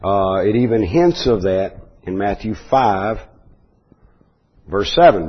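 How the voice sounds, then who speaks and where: Husky guy preaching, slow explaining tone, kinda dull lo-fi sound. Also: lowish voice, expressive. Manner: measured, explanatory, with restarts and asides. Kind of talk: Bible teaching sermon.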